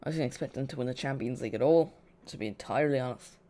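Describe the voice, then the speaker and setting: For viewers following a live football match, a mellow-voiced host talks fast and loosely, unscripted, at a middle pitch. He's chatty and self-correcting, restarting sentences midway, with dry sarcasm slipped between the match talk.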